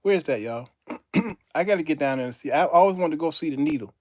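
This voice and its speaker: A man with a slightly high voice hosts a casual live stream, telling stories to viewers at a brisk clip. He's animated, laughs often and calls the audience y'all, in a studio-quality recording with no echo.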